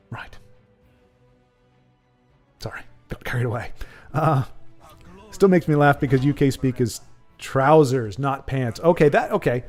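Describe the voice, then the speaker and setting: A man's voice: mid-range voice, moderate pace, long pauses, darkish tone, soft background music. A man hosting a livestream, chatting casually and jokingly with viewers, often correcting himself as he rambles. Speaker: livestream host.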